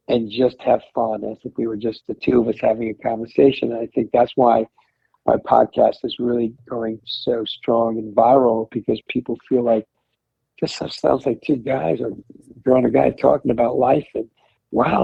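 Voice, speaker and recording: Gravelly man on a phone line. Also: medium pitch, steady tone, moderate pace, no room sound. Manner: rambling storyteller, encouraging. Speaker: podcast host as guest. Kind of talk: casual chat. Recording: dry tinny phone-line sound.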